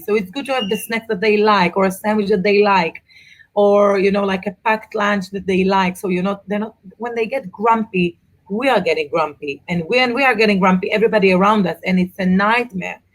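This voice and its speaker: A middle-aged woman, an author and mother of four, chatting in an interview and telling travel stories with animated asides. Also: medium pitch. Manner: animated storyteller, quick asides. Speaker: author and guest. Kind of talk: casual interview chat.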